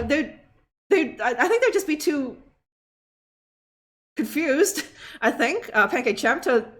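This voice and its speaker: A woman's voice: fairly high pitch, fairly bright tone. A woman streaming a video game, joking sarcastically, laughing often, swearing, and ending lines with "huh?". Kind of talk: live gameplay commentary.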